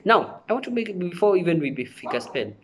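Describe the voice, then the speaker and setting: A man's voice: sits high, big pitch swings, brisk. A man teaching a televised lesson, repeating himself and often checking that viewers follow. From Kenya. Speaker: sign language teacher.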